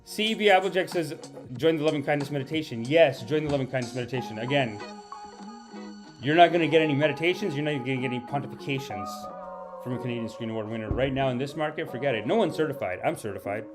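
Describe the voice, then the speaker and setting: A man hosts a comedy live stream in a voice of ordinary middle pitch. He rambles and puffs himself up in mock grandeur while talking straight to his chat. Quiet music plays behind him. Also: fast. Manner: talks to the live chat and reads out viewer names.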